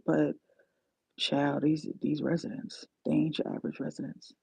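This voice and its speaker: Gravelly-voiced New woman chatting. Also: on the low side, expressive, a little fast, dark tone, dry recording. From New York. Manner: chatty, slangy, self-mocking, laughs often. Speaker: travel nursing aide, livestream host. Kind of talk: casual livestream chat. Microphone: phone. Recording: dull lo-fi phone audio.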